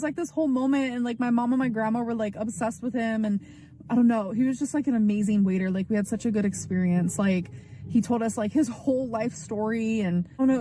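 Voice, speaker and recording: Speaking at a medium pitch with a mellow quality, this woman vlogs casually to her camera, chatty and leaning heavily on "like." There's slight background noise along with background music.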